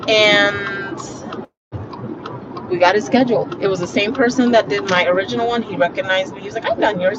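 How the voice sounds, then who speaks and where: A woman's voice: medium pitch, normal speed. A woman talking casually and bluntly to her viewers while driving, swearing freely as she chats. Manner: blunt and profane, chatty. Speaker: vlogger. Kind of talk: casual car vlog monologue. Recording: muffled lo-fi audio with road noise. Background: traffic and road noise.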